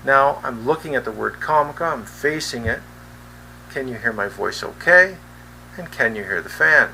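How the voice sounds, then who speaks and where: A man's voice: medium pitch, lively intonation, normal speed, gravelly, bright, forceful tone, poor audio. A man reviewing a wireless microphone, asking the viewer plainly whether they can hear his voice and the fan. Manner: plain, asks the viewer questions. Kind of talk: product test vlog. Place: indoor room with a fan running. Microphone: wireless handheld mic being tested. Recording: faint fan hum.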